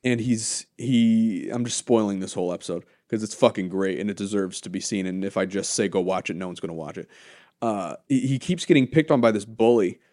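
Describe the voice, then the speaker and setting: A man co-hosting a casual podcast, retelling a story in an animated way, swearing and laughing easily. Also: fairly low pitch, brisk, no room sound, studio quality. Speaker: podcast co-host. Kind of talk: casual chat.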